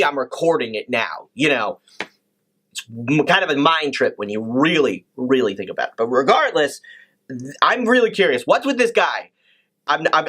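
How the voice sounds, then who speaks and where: Rambling, lively-voiced reaction host. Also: mid-range voice. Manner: rambling and chatty, many restarts and asides. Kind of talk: casual commentary over a film.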